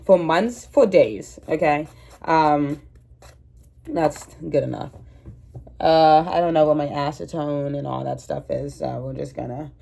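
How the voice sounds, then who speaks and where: A woman's voice: sits low, unhurried, creaky, warm tone. A woman in her twenties with a cold, rambling casually and self-mockingly to her viewers, recorded at home on the camera's own mic. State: sick with a cold. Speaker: vlogger. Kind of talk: casual chatty vlog. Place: at home indoors. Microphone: camera mic, no microphone.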